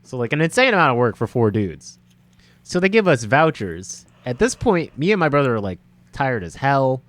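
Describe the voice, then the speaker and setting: A man's voice: mid-range voice, sing-song, normal speed, a bit bright, no room sound. Young man rambling through a story. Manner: rambling, laughs often, acts out quotes. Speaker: podcast co-host. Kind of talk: casual storytelling chat.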